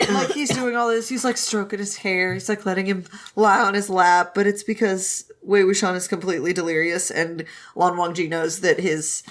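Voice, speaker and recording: A woman co-hosting a podcast in casual chat, animated and laughing, who swears freely. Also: medium pitch, moderate pace, hardly any pauses. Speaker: podcast co-host.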